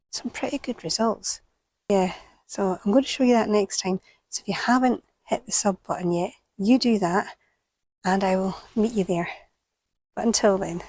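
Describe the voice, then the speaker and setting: A woman with a British accent hosting a gardening vlog outdoors at an allotment, talking to camera and often dropping to a hushed whisper. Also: medium pitch, no room sound. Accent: British English. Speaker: gardening channel host. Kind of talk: casual vlog talk to camera. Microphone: small clip-on microphone.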